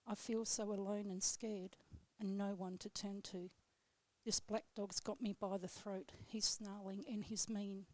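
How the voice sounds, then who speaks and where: A woman on live radio reading her own poem aloud in a steady, measured way, then chatting with the host. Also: medium pitch, no echo. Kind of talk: poetry reading, then casual chat. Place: radio studio.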